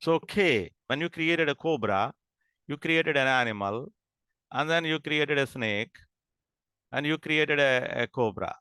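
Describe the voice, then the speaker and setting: Man teaching a class, bright and crisp, dry recording, halting restarts. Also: on the high side, dry recording. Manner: repeats and checks understanding, halting restarts. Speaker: lecturer. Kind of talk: classroom lecture.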